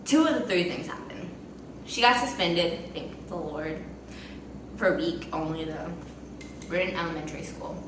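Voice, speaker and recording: A young adult woman telling a casual storytime to the camera, chatty and animated with lots of fillers. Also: lowish voice, normal speed, pauses often, far from the mic, background noise. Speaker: vlogger. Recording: echoey room from off-mic.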